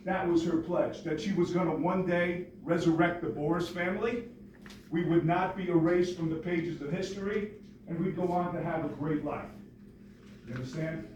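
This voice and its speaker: A man in his forties from New York, telling a personal story to an audience in a joking, lively way. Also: a little high, normal speed, a little hiss or hum. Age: 40s. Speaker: motivational speaker. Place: large hall with audience. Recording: echoey hall from far off.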